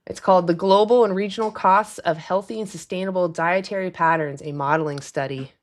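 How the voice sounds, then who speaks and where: A woman's voice: lowish voice, fairly quick. Chatty woman hosting a livestream. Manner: chatty, laughs often, answers commenters. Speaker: livestream host. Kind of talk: casual live-stream chat.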